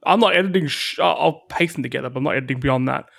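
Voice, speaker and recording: A man's voice: mid-range voice, rapid-fire, creaky, a bit bright. A young man co-hosting a podcast in casual chat, teasing and joking with his co-host.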